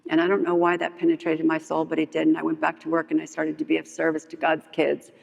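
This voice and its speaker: A middle-aged woman telling her personal story at a recovery meeting, animated and acting out what people said to her. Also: sits low, quick pace, gravelly, lo-fi sound. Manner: animated storytelling, acts out quotes. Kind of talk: personal story told to a group. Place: meeting hall. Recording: long reverb of a hall.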